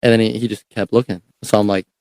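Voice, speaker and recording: Young man telling a story, low voice. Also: fast, no echo. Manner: animated, profane, repeats words. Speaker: podcast guest. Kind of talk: casual storytelling.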